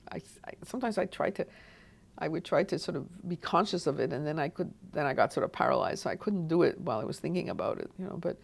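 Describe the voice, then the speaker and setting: A woman from Montreal, Canada, reminisces as an oral history interviewee, rambling with frequent restarts and asides. Her low-pitched voice is expressive and quick, with vocal fry.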